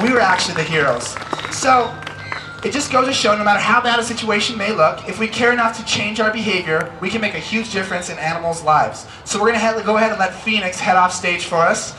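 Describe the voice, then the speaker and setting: A man's voice: high-pitched, noisy background. An American man presenting a live educational bird show, playful and teasing as he coaxes volunteers. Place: outdoor amphitheater stage. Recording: roomy live show sound with music.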